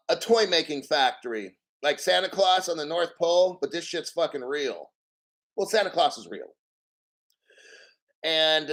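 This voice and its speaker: Excitable, profane man hosting a show. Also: on the high side. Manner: profane, excitable, mock tearful; reads article aloud slowly, then riffs. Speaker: crypto show host. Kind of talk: live-stream commentary with callers.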